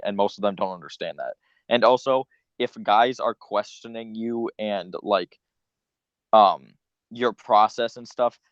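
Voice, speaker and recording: A man's voice: lowish voice, no echo, highs cut off. A man giving blunt opinions in a casual chat, with lots of filler words. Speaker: podcast co-host.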